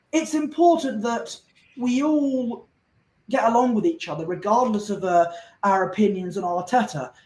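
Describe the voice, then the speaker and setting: A man's voice: sits high, darkish tone, roomy sound, rough recording. A man from Somerset, a guest on a fan panel show, talking in an earnest, rambling way with lots of restarts. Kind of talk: casual chat.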